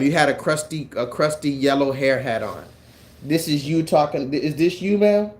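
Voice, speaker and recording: Animated man on a casual livestream. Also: fairly high pitch. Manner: animated, mocking then preachy. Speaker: livestream host.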